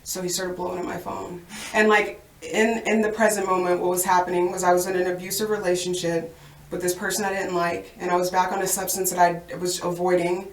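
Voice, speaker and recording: A woman guest telling her recovery story in a halting way, with many restarts and fillers. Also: on the low side, level tone. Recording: roomy, distant mic.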